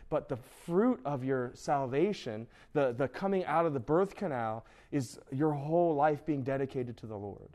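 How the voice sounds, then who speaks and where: Animated man preaching to teens. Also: medium pitch, moderate pace, hardly any pauses. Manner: conversational, animated, acts out quoted voices. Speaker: youth pastor. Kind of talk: youth sermon.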